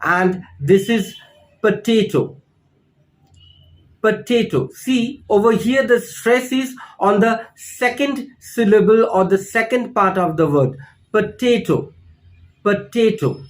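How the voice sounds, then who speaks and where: A man gives a pronunciation lesson in a high voice. He speaks slowly and deliberately and repeats each word clearly so learners can follow. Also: lively intonation, rough recording. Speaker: English teacher.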